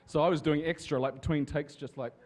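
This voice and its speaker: A man telling casual, lively anecdotes to an audience as a guest on a convention panel. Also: on the high side, fairly quick. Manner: lively storyteller with restarts and swearing.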